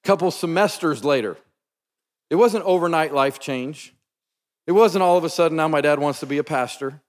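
A man preaching a sermon, telling a personal story in an earnest, emphatic, conversational way. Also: fairly high pitch. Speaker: pastor. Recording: long reverb from a large hall.

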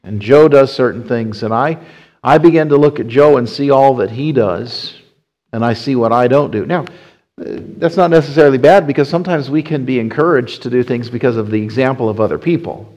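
A man's voice: mid-range voice, fairly quick, a little mellow, highs cut off. Man preaching a conversational sermon. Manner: conversational preaching with frequent restarts. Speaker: pastor. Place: church.

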